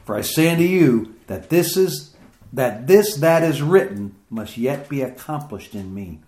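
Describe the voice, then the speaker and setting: Man preaching scripture in an echoey room. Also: dark tone. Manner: reads scripture aloud then comments, rising in pitch as he grows emphatic. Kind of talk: sermon reading and explaining scripture.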